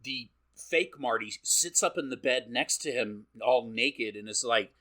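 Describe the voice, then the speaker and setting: A man's voice: mid-range voice, a little slow, sharp tone. A man co-hosting a podcast, recapping a film in casual chat, swearing freely and acting out what the characters say. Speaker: podcast co-host.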